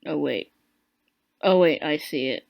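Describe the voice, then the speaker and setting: A woman's voice: low-pitched, measured pace, creaky, a little mellow, no echo. A woman co-hosting a podcast, in casual chat, chatty and laughing. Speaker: podcast co-host.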